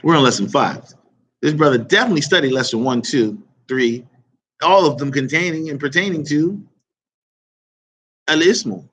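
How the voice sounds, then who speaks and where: A man teaching an Arabic vocabulary lesson, quizzing his students and repeating each word slowly. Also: on the high side, animated, fairly bright tone, breathy edge. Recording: dull lo-fi recording.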